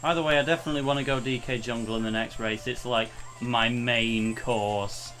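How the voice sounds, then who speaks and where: A man's voice: mid-range voice, steady tone, fairly quick, fairly bright tone, faint music behind. A young man co-hosting a let's play, chatting casually and exclaiming at the game. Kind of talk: casual group gaming chat.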